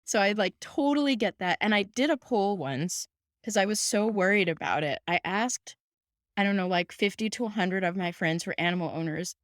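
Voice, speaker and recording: A woman in her thirties hosts a podcast in casual, emphatic chat, laughing often and peppering her talk with "like". Her voice sits at a middle pitch and is recorded close and dry, with no room around it. She speaks as a vet sharing her own stories. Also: moderate pace, dry recording. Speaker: podcast host, house call vet.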